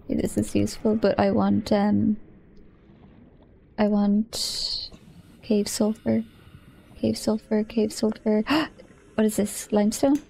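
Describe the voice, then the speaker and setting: A woman's voice: mid-range voice, level tone, slow, gravelly, long pauses, dark tone, breathy edge. A woman streamer chatting casually as she plays, thinking aloud, easily startled and often giggling.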